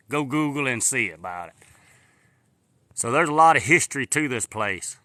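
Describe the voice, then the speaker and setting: A man's voice: mid-range voice, expressive, moderate pace, long pauses, pushed and bright, no room sound. Folksy man live-streaming outdoors. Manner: rambling, folksy, answers viewer comments. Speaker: livestreamer. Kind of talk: casual live-stream chat. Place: outdoors in the woods. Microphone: phone held in hand.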